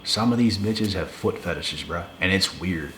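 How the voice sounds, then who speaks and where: Speaking at a moderate pace, this young man's voice is low-pitched and a bit bright, with slight background noise in an echoey room and faint ambience. He's a video creator ranting to the camera, blunt, emphatic, and profane, circling back to the same points.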